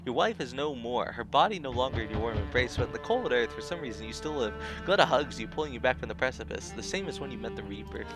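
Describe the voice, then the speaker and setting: A man at a middle pitch reads a story game's narration aloud, now and then stumbling over a word and correcting himself. Game music plays clearly behind his voice. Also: lively intonation, fast, hardly any pauses. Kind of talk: let's play, reading game text and choices aloud.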